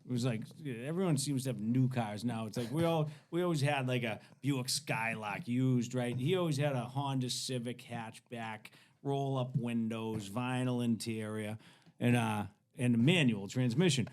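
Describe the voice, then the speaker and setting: A man in his forties, a podcast guest, telling a story casually in a rambling, profane, animated way with many restarts. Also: medium pitch, normal speed.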